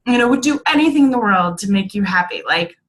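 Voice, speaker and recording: A woman talking casually and reflectively about her own experience, with lots of fillers, slowing and softening at tender moments. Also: medium pitch, animated, low-quality recording. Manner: chatty, many fillers, drops softer and slower at reflective moments. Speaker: speaker sharing a personal story.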